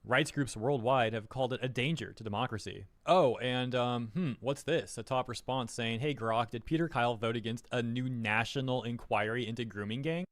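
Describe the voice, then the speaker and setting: A man's voice: mid-range voice, moderate pace, hardly any pauses, no room sound. Wry man reading headlines aloud. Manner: wry, mocking asides between readings. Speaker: online news commentator.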